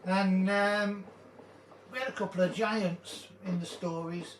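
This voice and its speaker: Slow and high-pitched with fairly even intonation, this older gaming host rambles and jokes through chatty stories while playing. The audio sounds roomy and distant, with a noisy background.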